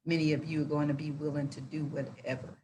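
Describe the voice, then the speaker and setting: A woman's voice: sits low, level tone, fast, mellow, a little hiss or hum. A woman reading scripture aloud and commenting on it with passion, bluntly and colloquially, restarting her words as she goes. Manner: impassioned, repeats words while restarting. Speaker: Bible teacher.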